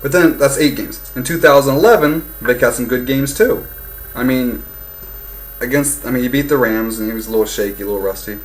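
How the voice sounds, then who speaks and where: A young man ranting casually about football, heated and profane, swinging between loud outbursts and low muttering. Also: a little fast, poor audio. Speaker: fan vlogger. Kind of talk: casual sports rant.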